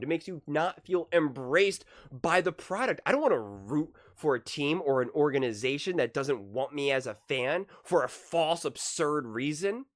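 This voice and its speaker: Exasperated young man ranting about sports. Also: on the high side. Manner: rambling, exasperated, lots of repeated "like". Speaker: sports commentary host. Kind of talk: solo reaction commentary.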